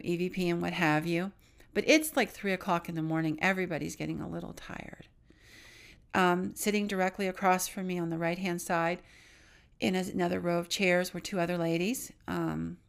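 A middle-aged woman with a low-set, gravelly voice full of vocal fry tells a personal story. She speaks earnestly, often sinking to a hushed tone at the tense moments. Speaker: podcast co-host.

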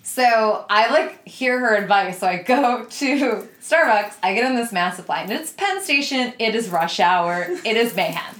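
A woman's voice: fairly high pitch, animated, unhurried, a bit bright. A woman podcast host telling a story in a casual way, laughing often and swearing freely. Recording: roomy echo.

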